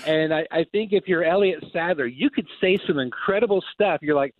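A man's voice: fairly high pitch, a little fast, dry recording. Man talking racing over a tinny line. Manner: animated storyteller, acts out quotes. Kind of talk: casual sports talk. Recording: dry tinny phone-like sound.

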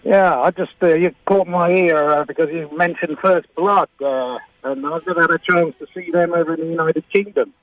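A man's voice: a little high, steady tone, normal speed, few pauses. A man calling in to a radio show, speaking hesitantly with many fillers over a phone line. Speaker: caller. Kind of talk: call-in radio chat.

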